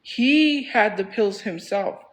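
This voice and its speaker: A man's voice: sits high, expressive, slow pace, fairly bright tone, poor audio. A man telling a story on a casual livestream, rambling and repeating phrases for emphasis in a heated, defensive way.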